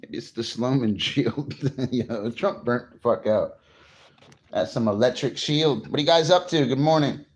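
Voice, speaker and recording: A man's voice: medium pitch, moderate pace, breathy edge. A man from New Jersey chatting casually on a morning livestream, greeting viewers and swearing freely. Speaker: livestream host.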